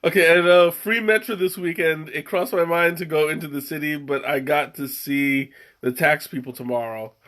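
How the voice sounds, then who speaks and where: Tasting tea on a casual live stream, a man rambles and chuckles, frequently letting sentences trail off. Through a webcam mic, his fairly high, fairly bright voice comes at normal speed with fairly even intonation and hardly any pauses.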